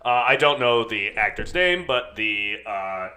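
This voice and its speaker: A man's voice: on the low side, animated, unhurried, bright, forceful tone. A man co-hosting a film podcast in casual chat, thoughtful and hedging with plenty of filler words.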